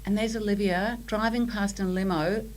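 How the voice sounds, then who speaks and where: A middle-aged Australian woman with an Australian accent, guest on a podcast, telling her story in animated casual chat and acting out quotes. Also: medium pitch, a little fast, a little hiss or hum, low-quality recording.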